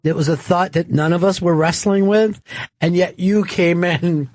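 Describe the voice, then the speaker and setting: A man's voice: sits high, moderate pace, dry recording. A man co-hosting a comedy talk show, swearing freely and laughing through his stories. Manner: profane, laughs often, lively storytelling. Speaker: podcast co-host. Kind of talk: casual comedy banter.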